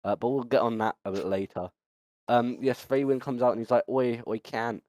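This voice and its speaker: A man's voice: mid-range voice, a little fast, a little mellow, no room sound. A man hosting a casual podcast chat, rambling with many ums and restarts. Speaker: podcast host.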